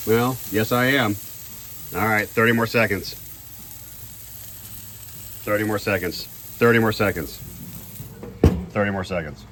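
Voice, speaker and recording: A man's voice: lowish voice, background noise. A man in a casual cooking vlog, chatty and self-deprecating, thinking aloud as he grills outdoors. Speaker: home cook.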